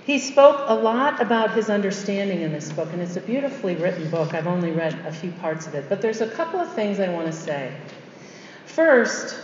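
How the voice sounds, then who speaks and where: A woman's voice: medium pitch, darkish tone, roomy sound, big-room sound. Woman religious sister talking to a crowd, repeats stuff for emphasis, muffled dull sound, faint hiss behind. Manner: emphatic, repeats key phrases, conversational asides. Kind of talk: storytelling faith talk to an audience.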